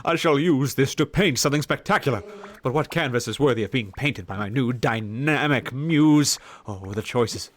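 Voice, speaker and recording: A man's voice: mid-range voice, normal speed, few pauses, lightly acted. A man voicing a grandiose, poetic male painter creature in a game, speaking in flowery, theatrical, old-fashioned phrases. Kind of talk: dramatic game voice-over.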